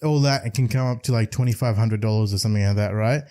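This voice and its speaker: A man co-hosting a podcast in casual chat, explaining things in a relaxed, loose way with fillers. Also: on the low side, fast talker. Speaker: podcast co-host.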